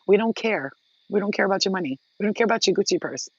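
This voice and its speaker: A woman's voice: mid-range voice, animated, fast talker, husky, no room sound. Blunt, profane woman vlogging, dull sound. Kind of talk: casual direct-to-camera talk.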